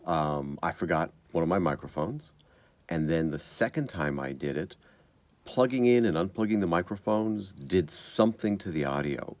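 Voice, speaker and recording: A man's voice: sits low, dry recording. A man casually explaining a microphone test inside a car, thinking aloud step by step. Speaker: vlogger testing microphones. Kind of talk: casual demonstration. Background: faint car engine hum.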